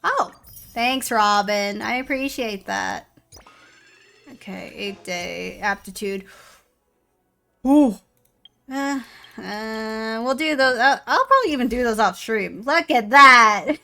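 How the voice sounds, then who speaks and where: A woman's voice: fairly high pitch, animated, slow, gravelly, long pauses, pushed and bright, faint music behind. A young woman streamer giving casual gameplay commentary, swearing and playing up mock-dramatic self-pity.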